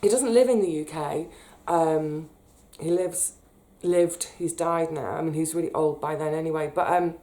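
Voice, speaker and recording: A British woman telling a personal story in a chatty, animated way, getting emotional as she recalls it. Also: low voice, normal speed, few pauses. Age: 30s. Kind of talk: casual storytelling monologue.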